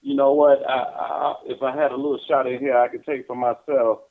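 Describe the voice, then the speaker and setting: A man's voice: medium pitch, level tone, a little fast. A man calling in to a sports talk show, joking in a laid-back way over the phone. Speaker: regular caller. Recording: noisy phone line.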